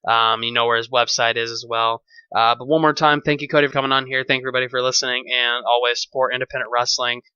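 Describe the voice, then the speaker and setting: A man's voice: mid-range voice, level tone, fast, bright, forceful tone, smooth, dry recording. A man hosting a podcast who chats casually and rambles a little as he wraps up an interview. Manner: friendly, rambling, many fillers. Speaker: podcast host. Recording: dull, dry, lo-fi recording.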